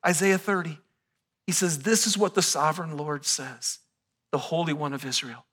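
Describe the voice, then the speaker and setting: A male pastor preaching a sermon, animated, swinging from hushed to loud and excited. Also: on the high side, moderate pace, breathy edge.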